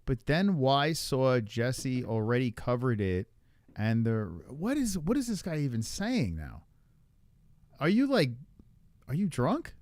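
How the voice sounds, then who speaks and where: Male streamer host, casual and rambling, bouncy animated delivery, swears and laughs at chat; close dry mic. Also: medium pitch, takes it slowly, no room sound. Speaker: livestream host. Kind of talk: casual live-stream chat reading viewer comments.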